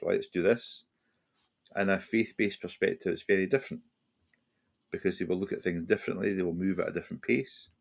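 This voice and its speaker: A Scottish man in his sixties, a retired police officer, telling a reflective story as a podcast guest, often restarting and slipping into quoted dialogue. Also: deep voice. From Scotland. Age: 60s.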